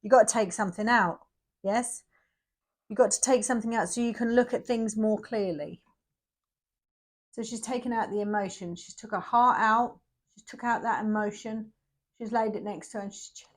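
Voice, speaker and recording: Woman, middle-aged, tarot reader, chatty, emphatic, slightly high voice. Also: moderate pace. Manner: chatty, emphatic and repetitive, with bursts of energy. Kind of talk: casual pick-a-card tarot reading.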